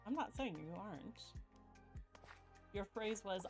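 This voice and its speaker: A woman's voice: medium pitch, animated, extremely slow, soft background music, rough recording. A woman hosting a gaming video, chatting casually and explaining things in a rambling way with many fillers. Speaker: gaming channel host. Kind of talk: casual gameplay chat.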